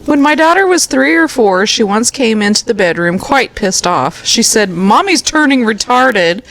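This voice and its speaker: A woman's voice: on the high side, animated, normal speed, fairly bright tone, low-quality recording. Laughing woman podcast host reading aloud. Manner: laughs often while reading. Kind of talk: reading listener stories aloud.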